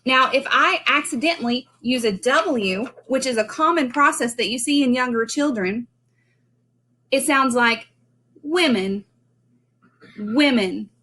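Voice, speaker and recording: A woman giving a children's speech lesson from home, modeling sounds slowly and clearly. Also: high voice, pushed and bright. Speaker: speech teacher.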